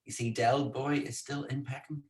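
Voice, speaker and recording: A man's voice: mid-range voice, fairly even intonation, moderate pace. A man hosting a casual live-streamed talk from home in a chatty, playful, teasing way. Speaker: co-host and speaker. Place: indoors at home.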